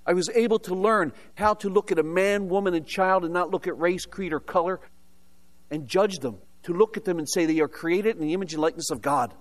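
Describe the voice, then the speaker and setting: A man's voice: sits high, brisk. An older American man preaching a sermon, telling his own story with humorous asides and rhetorical questions. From United States. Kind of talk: sermon with personal testimony.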